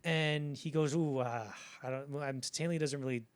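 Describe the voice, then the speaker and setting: A man co-hosting a film history podcast, telling behind-the-scenes anecdotes in a casual, animated way and acting out the quotes. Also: on the high side, moderate pace, clean tone. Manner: animated storytelling, acts out quoted lines. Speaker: podcast co-host.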